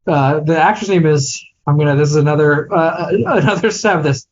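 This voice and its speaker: A man's voice: on the high side, moderate pace, highs cut off, slight background noise. A man co-hosting a podcast, chatting casually about films, hesitant and self-deprecating, often restarting his sentences. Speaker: podcast co-host. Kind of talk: casual film chat.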